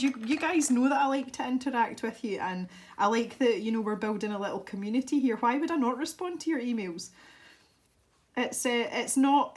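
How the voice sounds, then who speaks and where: Chatty Scottish woman colouring. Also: on the high side. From Scotland. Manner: chatty, rambling, self-interrupting with laughs. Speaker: art YouTuber. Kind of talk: casual chat while colouring.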